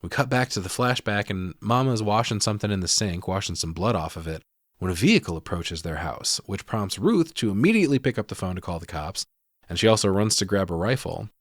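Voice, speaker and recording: A man co-hosting a podcast, recapping a film in casual, profane, animated storytelling. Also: lowish voice, brisk, dry recording, clean studio sound. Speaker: podcast co-host.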